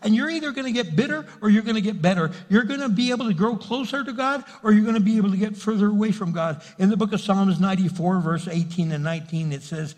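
High-pitched guy preaching, punchy delivery, big echoey hall. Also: quick pace, few pauses, darkish tone. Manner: preaching with rising emphasis and acted-out quotes. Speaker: pastor. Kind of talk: sermon. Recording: reverberant hall.

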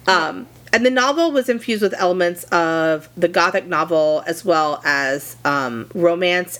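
A young adult woman co-hosting a podcast, retelling a classic story in a casual, animated way with swearing and lots of fillers. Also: fairly low pitch. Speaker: podcast co-host.

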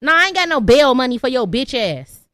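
High, animated woman podcast host. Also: brisk, dry recording, studio quality. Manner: animated, emphatic, rhetorical questions. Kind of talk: heated call-in podcast commentary.

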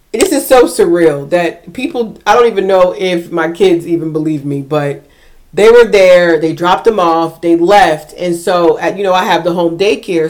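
A middle-aged woman telling a story in casual chat, animated, acting out voices and laughing in bursts. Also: on the low side. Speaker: podcast co-host.

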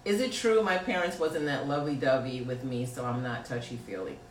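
A woman's voice: very deep voice, a little fast. A woman hosting a podcast and reading out live chat comments, laughing and teasing in loose slang. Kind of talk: casual chat. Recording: roomy echo, distant mic, faint noise.

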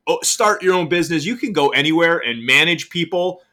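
A man's voice: a little high, animated, fairly quick, pushed and bright. A man hosting a casual podcast chat, talking emphatically with mild cursing.

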